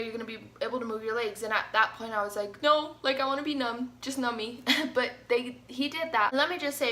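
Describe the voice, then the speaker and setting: A young woman tells a story to her viewers in a loose, chatty way, full of "like" and "you guys." Her voice sits a little high and sounds bright and forward. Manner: chatty, animated, says "like" often. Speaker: vlogger. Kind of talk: casual storytime.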